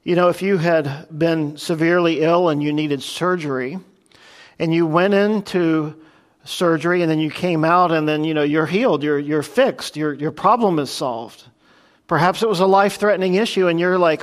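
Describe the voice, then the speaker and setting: A man's voice: a little high, normal speed. A man preaching an expository sermon in a conversational way, asking rhetorical questions and briefly acting out the people he quotes. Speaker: pastor.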